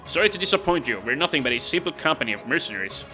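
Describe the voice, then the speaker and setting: Defiant young mercenary leader, man reading it, short curt lines, bright voice. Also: a little high, sing-song, rapid-fire, faint music behind. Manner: terse, curt replies.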